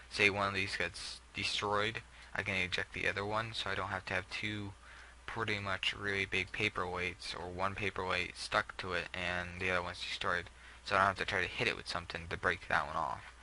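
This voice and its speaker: A man's voice: low voice, bright, forceful tone, slight background noise, rough recording. Rambling young man narrating gameplay. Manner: rambling, halting, many fillers and self-corrections. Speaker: gameplay video creator. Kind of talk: casual game commentary.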